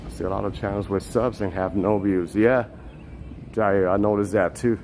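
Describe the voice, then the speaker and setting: A man's voice: lowish voice, normal speed, slight background noise. Chatty guy live-streaming from the street. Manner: relaxed, chatty, laughs often. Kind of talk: walking live-stream chat. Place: city street outdoors, walking.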